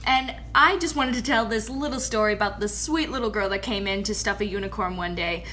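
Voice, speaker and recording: A woman who works in a toy store, casually telling funny customer stories to camera, animated and laughing as she goes. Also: medium pitch, brisk, a little hiss or hum. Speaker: retail store employee.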